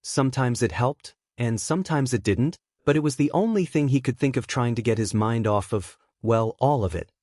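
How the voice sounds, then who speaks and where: A man reading a dark fan fiction story aloud as narrator, in a steady, even storytelling manner. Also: medium pitch, moderate pace, few pauses, no echo, studio quality.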